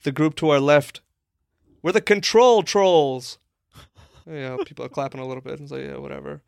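A man's voice: mid-range voice, flat delivery, racing, vocal fry, smooth, no echo, studio quality. A young man telling a long, rambling comic story on a podcast, full of "like" and acted-out quotes. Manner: rambling, lots of "like", acts out quoted people. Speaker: podcast co-host. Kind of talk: casual comedic storytelling.

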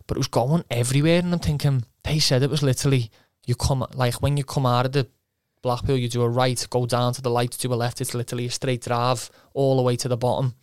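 Young footballer, chatty storyteller who swears, monotone voice, dry studio mic. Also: male voice, mid-range voice, quick pace, few pauses, smooth, dry recording. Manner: rambling, swears, quotes himself, laughs often. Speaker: footballer guest. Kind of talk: casual anecdote.

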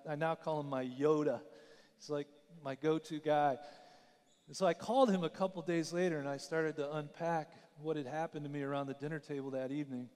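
A man's voice: on the high side, a little mellow, clear, resonant tone, big-room sound. A middle-aged man preaching a sermon as a pastor, telling a personal story in a conversational way and asking the audience questions.

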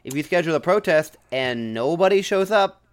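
Brief: male podcast co-host, smooth clear voice, slightly higher pitch, wry. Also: lively intonation, brisk. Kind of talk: casual chat.

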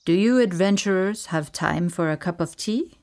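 A woman voicing a grave, bearded older man who speaks slowly and formally with a thick foreign accent. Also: lowish voice, darkish tone, lightly acted.

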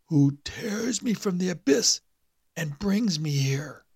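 A man voicing an undead male hangman with a dry, raspy, whispery voice, speaking slowly and with menace. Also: high voice, animated, darkish tone, no room sound, voice pushed up, heavily acted. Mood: menacing. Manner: slow, menacing.

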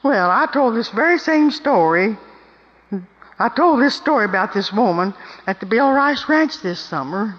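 A woman's voice: fairly high pitch, animated, measured pace, fairly bright tone. Older woman preaching in an echoing hall. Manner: emphatic, asks the audience "Hmm?". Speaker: speaker at a women's meeting. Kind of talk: folksy storytelling talk to women. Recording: dull recording in a long-echo hall.

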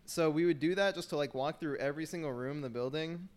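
A man's voice: a little high, fast talker. A young man in casual chat, telling a rambling story full of fillers.

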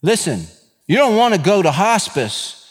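A male pastor preaching to his congregation in a church sanctuary. His voice sits a bit high for a man and carries a long hall reverb. He moves from easygoing, joking asides into earnest exhortation. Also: big pitch swings, unhurried, husky. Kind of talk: sermon.

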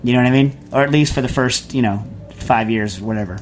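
A man's voice: medium pitch, quick pace, a little hiss or hum. A man hosting a food radio show, answering a listener's question in a rambling, chatty way full of fillers and restarts. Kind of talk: casual call-in answering.

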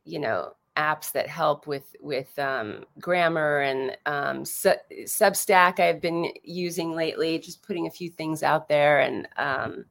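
A woman in her fifties with a notably low voice, chatting as a podcast guest. She rambles, restarts her sentences and drops "like" every few words in a Valley Girl way. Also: slow, vocal fry, few pauses, fairly bright tone. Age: 50s. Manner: says "like" often, talks like a Valley Girl. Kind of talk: casual chat.

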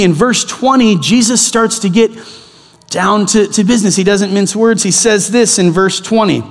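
A middle-aged male pastor telling a story in a sermon, animated and acting out the people in it. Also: sits high, moderate pace. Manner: animated, acts out the people in his stories. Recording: long hall reverb.

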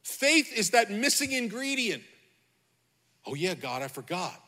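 A man's voice: high-pitched, sing-song, a little slow, creaky, sharp tone, long reverb tail. A man preaching a sermon as pastor, fervent and repetitive, calling out to the congregation.

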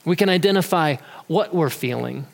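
A man's voice: on the high side, expressive, normal speed, creaky. A man giving an earnest, conversational talk about emotions who sometimes repeats words as he goes. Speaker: speaker on emotions. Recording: long hall reverb.

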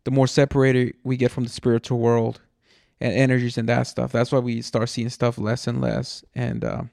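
A man's voice: mid-range voice, flat delivery, normal speed, vocal fry, a little mellow, no echo, studio quality. A man from Mexico, a podcast host, telling a rambling story in casual chat, swearing and saying "dude" a lot. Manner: rambling and profane, says "dude" often.

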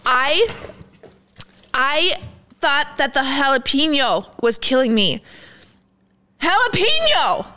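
High, bright-voiced complaining woman. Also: big pitch swings, takes it slowly, long pauses. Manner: dramatic, sulky complaining. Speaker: co-host. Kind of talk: casual livestream chat.

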